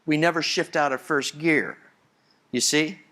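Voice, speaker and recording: A man's voice: a little high, steady tone, unhurried, bright, forceful tone. A man giving a live conference talk as a senior engineer, enthusiastic and conversational, often repeating and restarting words. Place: conference hall with audience.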